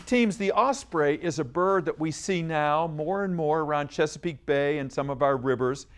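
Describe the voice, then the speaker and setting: A man with a notably high voice hosts a student science quiz in a TV studio. He reads each question with upbeat energy and coaxes the young contestants along. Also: moderate pace, clean tone. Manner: upbeat, coaxing and encouraging students. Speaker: quiz show host. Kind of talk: school quiz show hosting.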